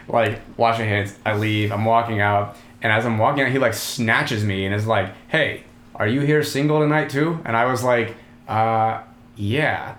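A man's voice: medium pitch, a bit bright, roomy sound. A young man telling a long story in casual chat, rambling with lots of filler and laughing often. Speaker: podcast host telling a story.

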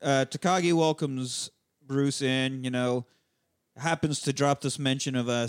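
A man talks through a film plot in a relaxed, swearing, chatty way, now and then jumping into rough voices for the characters. His pitch sits in an ordinary middle range. The sound is dry and close, with no room around it. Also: dry recording. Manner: loose, profane recap with quick impressions of characters. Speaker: podcast host recapping a movie. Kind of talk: casual chat.

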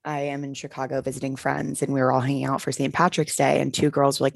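A young woman from California co-hosting a podcast in casual chat, bubbly and laughing often, with a croaky voice on a corded headphone mic. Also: extremely low pitch, flat delivery, quick pace, no echo, clean studio sound. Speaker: podcast co-host.

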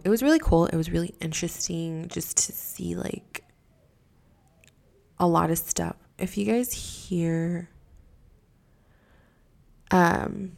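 Gravelly, low-pitched woman telling a story. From Mexico. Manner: profane, exasperated, rambling with many fillers. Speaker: podcast host. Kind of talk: casual storytelling.

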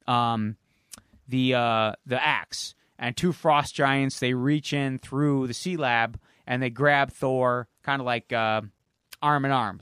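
A man's voice: medium pitch, a bit bright, smooth, dry recording, studio quality. A man co-hosting a podcast, casually retelling a comic-book story with lots of fillers, restarts and swearing. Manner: rambling plot recap with fillers and swearing. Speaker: podcast co-host. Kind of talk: casual chat.

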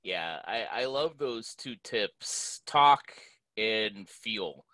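Low, bright-voiced male podcast host. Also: animated, extremely slow, no room sound, poor audio. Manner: conversational, rambling with fillers. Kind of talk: podcast interview.

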